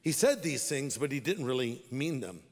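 A man's voice: mid-range voice, big pitch swings, normal speed, long reverb tail. A man preaching a sermon as a pastor, talking in a wry, direct, conversational way.

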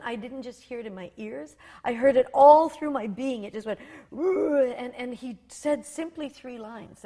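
A woman in her fifties from rural Saskatchewan, a talk show guest telling a personal testimony in animated storytelling with many restarts. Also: on the high side. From rural Saskatchewan, Canada.

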